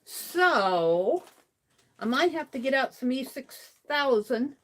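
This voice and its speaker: A woman's voice: high voice, very animated, fairly bright tone. A woman hosting a craft livestream, chatting casually and muttering to herself as she works. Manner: muttering to herself while working, slow and unhurried.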